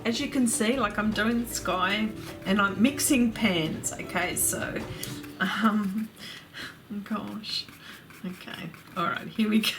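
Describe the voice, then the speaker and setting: Chatting casually on her art livestream, a woman reads viewer comments aloud, gushing and laughing easily. Her voice sits in the mid range, with music playing underneath.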